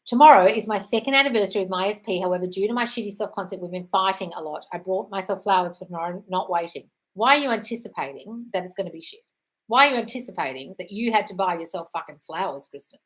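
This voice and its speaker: Speaking in a mid-range, slightly bright voice over poor audio, a woman fields viewer questions during an informal live session at home. She's fast-moving and blunt, cursing freely, while her dog stays nearby.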